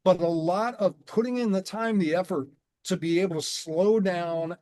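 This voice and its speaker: A man telling his story in an earnest, measured way and slowing down on key words, as a guest on a conversational show. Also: high voice, mellow, no echo. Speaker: guest, transformation coach.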